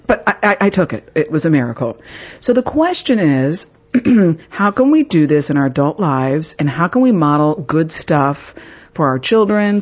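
A woman's voice: low-pitched, a little mellow, breathy edge. A woman hosting a podcast, talking frankly and laughing at herself, with the odd swear word. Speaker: podcast host. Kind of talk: candid conversational podcast talk.

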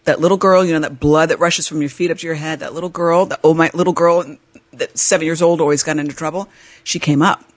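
A woman hosting a podcast, telling a personal story in a chatty, animated way and laughing as she talks. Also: quick pace. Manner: animated, jumps into high-pitched voices when reenacting her panic; chatty, laughs while talking. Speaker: podcast host.

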